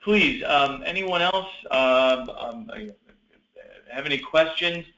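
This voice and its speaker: A man hosting an online meeting for student teachers, encouraging and apologetic, with many halting restarts. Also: a little high, pushed and bright, reverberant, highs cut off.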